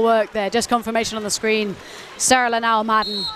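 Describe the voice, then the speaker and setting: A woman calls a live match in quick play-by-play, her voice pitched a little high and lifting into shouts when play turns exciting. A loud crowd and steady outdoor noise sit behind her throughout. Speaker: commentator. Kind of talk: live sports commentary.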